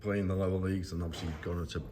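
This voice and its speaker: A man's voice: deep voice, flat delivery, rapid-fire, mellow, slight background noise. A man interviewing a guest, asking chatty, friendly questions.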